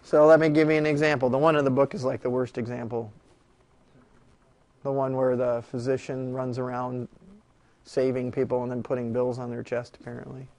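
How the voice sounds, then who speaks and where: A man lecturing a classroom on law, animated and jokey, firing rhetorical questions at his students. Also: mid-range voice, fairly quick.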